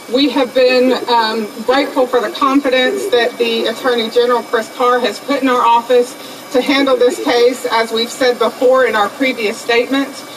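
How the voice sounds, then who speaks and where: A woman district attorney giving a measured, formal press conference statement. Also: a little high. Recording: distant press-conference mic with background noise.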